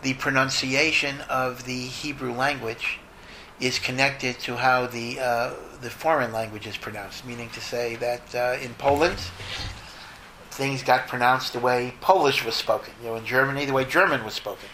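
Bright-voiced rabbi explaining. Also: male voice, mid-range voice, moderate pace, slight background noise, poor audio. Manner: thoughtful, lively, mixes Hebrew and Yiddish terms. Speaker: rabbi answering questions. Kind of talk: informal Q&A talk.

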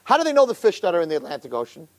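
A man giving an animated storytelling sermon as a religious teacher, who keeps checking in with the audience. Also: high voice, very fast. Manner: animated, keeps asking "right?".

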